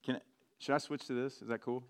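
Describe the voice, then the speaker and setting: A man preaching a sermon in a relaxed, conversational way, with frequent restarts and asides. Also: mid-range voice, a little fast, a little hiss or hum. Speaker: pastor.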